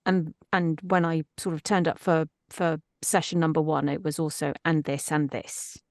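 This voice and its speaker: Chatty voice actress, dry sound. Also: female voice, sits low, steady tone, moderate pace, no room sound. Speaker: voice actress guest. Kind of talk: casual interview chat.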